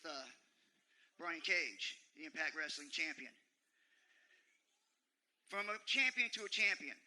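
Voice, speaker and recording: A man talking in a wrestling ring, recounting a rivalry and calling out an opponent, building from calm to shouted threats. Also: high-pitched, low-quality recording. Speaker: wrestler cutting a promo. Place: arena ring.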